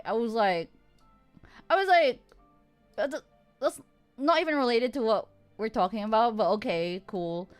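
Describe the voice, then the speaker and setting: A woman streamer telling a story in casual chat, animated, laughing often and swearing freely. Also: fairly high pitch, normal speed, long pauses, clear, resonant tone, faint music behind.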